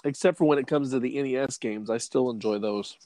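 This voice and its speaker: A man's voice: mid-range voice, brisk, mellow, dry recording. A man co-hosting a casual podcast chat, rambling with many "you know"s. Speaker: podcast co-host.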